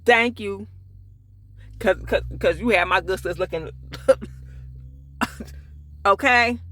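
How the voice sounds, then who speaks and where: A man's voice: high-pitched, very slow, pushed and bright. A man casually recapping a TV episode, acting out the characters' lines with sassy asides. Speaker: TV show reviewer.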